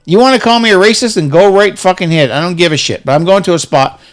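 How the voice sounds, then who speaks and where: A man's voice: high voice, fast talker, soft background music. A middle-aged man in casual chat, ranting heatedly with lots of swearing and stammered restarts. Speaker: co-host.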